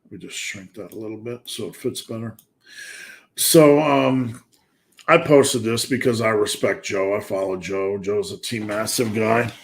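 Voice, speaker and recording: A man's voice: lowish voice, measured pace. A man hosting a live fitness Q&A stream, chatting casually and asking himself rhetorical questions.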